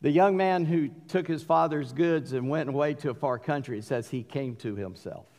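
A middle-aged Southern man preaching in a large church, his fairly high voice carrying a long reverb tail around the hall. He swings from folksy, conversational asides to loud, emphatic bursts on key lines. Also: moderate pace. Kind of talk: sermon.

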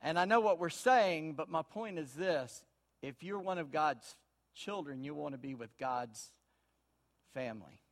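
A man preaching a sermon, folksy and storytelling, swinging from quiet asides to loud emphasis. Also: a little high. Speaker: pastor.

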